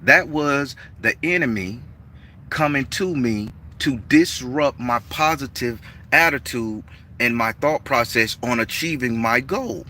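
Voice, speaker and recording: A man casually telling a story to his viewers, his voice climbing high and heated as he acts out an argument. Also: measured pace, far from the mic, slight background noise. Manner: animated street-talking storyteller, rising excited and heated as he retells.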